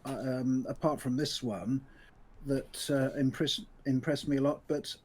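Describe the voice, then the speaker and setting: Guy sharing thoughts on a writer, measured, thoughtful, mid-pitched, casual chat. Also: steady tone, darkish tone, slightly rough. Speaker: book podcast co-host. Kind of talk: casual book discussion.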